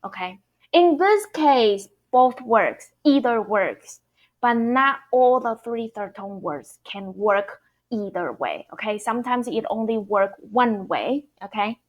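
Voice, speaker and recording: A woman's voice: fairly high pitch, expressive, takes it slowly, dull audio. A woman, teaching Mandarin tones online, patiently explaining step by step and repeating each word. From Taiwan. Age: 30s. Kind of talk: online language lesson.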